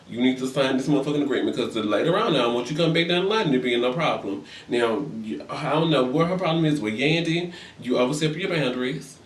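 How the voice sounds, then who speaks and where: A young man runs through a reality TV recap in a sassy, profane rant, slipping into voices for the people he quotes. His voice sits a bit high for a man. He sounds set back from the mic in an echoey room. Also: recorded from a distance. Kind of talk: casual gossip rant.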